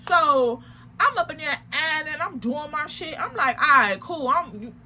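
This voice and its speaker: A young adult woman telling a personal story to her viewers, casual and animated, full of slang and emphatic asides. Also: sits high, unhurried, slight background noise. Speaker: vlogger.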